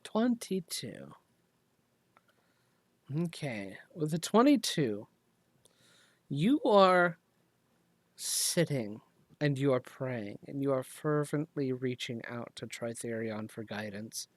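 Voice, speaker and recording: Game master, slow narration, halting descriptions, dry close sound. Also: mid-range voice, very animated, no room sound. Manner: descriptive, halting, many fillers.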